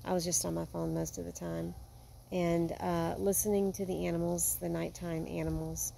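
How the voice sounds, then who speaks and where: An earnest woman talks to her camera at home in a heartfelt, unhurried way. Her voice sits a little low and sounds warm and mellow. A faint ambient hum stays in the background. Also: level tone, creaky. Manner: earnest and heartfelt, drifting soft. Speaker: vlogger. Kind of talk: casual vlog monologue. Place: home with a yard.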